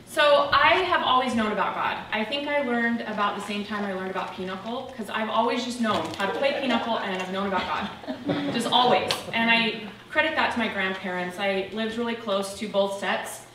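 A woman's voice: on the high side, moderate pace. Woman telling a lighthearted testimony. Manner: chatty, lighthearted storytelling. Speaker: church member giving testimony. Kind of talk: personal testimony in church. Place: church sanctuary. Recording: echoey church room, from far off, faint noise.

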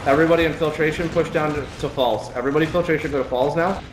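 A man's voice: fairly high pitch, fairly even intonation, rapid-fire. A man commanding his team in a live online game, giving urgent, repeated orders. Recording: echoey, noisy game capture. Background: gunfire from game.

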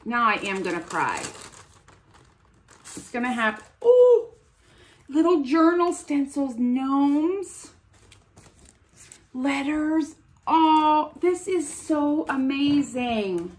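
A woman's voice: sits high, animated, takes it slowly, long pauses. Gushing, gasping woman vlogger. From United States. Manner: gushing, gasping, breathy exclamations. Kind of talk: casual unboxing chat.

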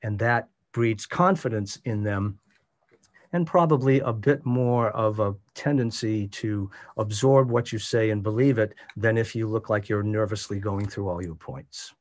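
Over a video call microphone, a male voice coach leads an online workshop. His instructional delivery is measured and demonstrative, with shifts in pitch used to emphasize points.

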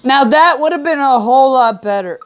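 A woman's voice: high-pitched, animated, moderate pace, a little hiss or hum. A woman giving casual gameplay commentary, reading game text aloud with chatty, offhand asides. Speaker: gamer.

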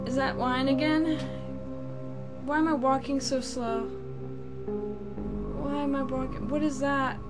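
A woman's voice: high voice, steady tone, a little slow, long pauses. A woman playing a horror game and reacting aloud, jumpy and frightened, talking to what she sees. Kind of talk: let's play commentary. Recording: loud game music behind.

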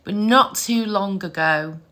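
A middle-aged woman tells stories to camera in a casual, lively way. Her voice is bright and clear. She laughs easily and keeps a warm, chatty rhythm. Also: mid-range voice, slow. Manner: chatty, animated, laughs often. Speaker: psychic medium.

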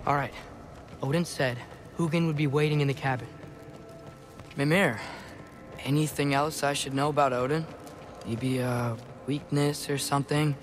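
A young man voicing an earnest teenage demigod in a video game, gentle and sincere. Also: a little high, fairly even intonation, normal speed, pauses often, faint music behind, natural voice. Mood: joking. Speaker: game character.

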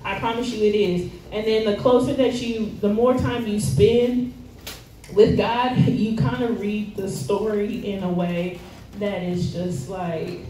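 With a warm, mid-range voice and a steady tone at a measured pace, a woman at a church service gives a relaxed, chatty sermon. Her talk is slangy and full of fillers and easy laughs. The church hall sounds echoey, the mic is far away, and faint noise lingers.

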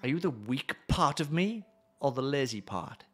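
A man reading the lines of a sinister female dark reflection in a low, hushed, condescending tone. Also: very animated, moderate pace, husky, faint music behind. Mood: cold, scornful.

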